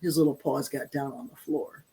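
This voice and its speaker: A woman's voice: a bass voice, steady tone, moderate pace, mellow, breathy edge. A woman guest in a casual interview, blunt and emphatic, acting out her own inner voice as she talks about parenting.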